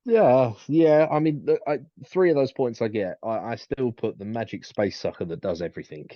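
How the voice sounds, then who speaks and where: A man's voice: medium pitch, normal speed, no echo, dull audio. A man co-hosting a casual chat, rambling and repeating his words as he talks things through. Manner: rambling, repeats words, quotes in put-on asides. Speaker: podcast co-host.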